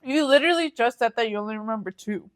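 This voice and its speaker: A young woman with a fairly high voice co-hosting a podcast. She cuts in with short, blunt remarks and teases her co-host in casual chat. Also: quick pace. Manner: teasing, blunt interjections.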